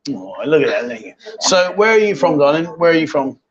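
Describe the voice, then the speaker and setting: A man's voice: fairly high pitch, big pitch swings, a little fast, muffled recording, a crowd in the background. A man hosting a live chat show from a bar, chatty and teasing, joking as he goes. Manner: jokey, chatty, teasing, repeats himself. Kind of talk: casual live-stream chat. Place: bar in Thailand.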